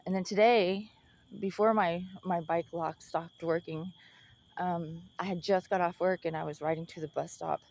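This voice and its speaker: A woman's voice: on the low side, steady tone, normal speed, a little mellow. A young woman telling a personal story in casual chat, blunt and full of swearing, laughing often.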